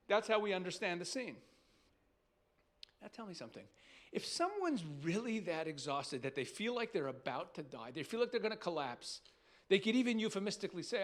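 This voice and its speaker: A man's voice: high-pitched, very animated, brisk, fairly bright tone. A man, a rabbi, preaching in a conversational, emphatic way, asking rhetorical questions and restarting sentences. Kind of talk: sermon.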